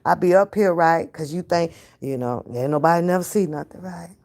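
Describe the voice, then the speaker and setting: A woman's voice: fairly low pitch, a little fast, gravelly, darkish tone. Profane, laughing woman ranting to camera. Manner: profane, laughing, talks straight at the viewer. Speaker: reaction vlogger. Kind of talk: casual to-camera rant.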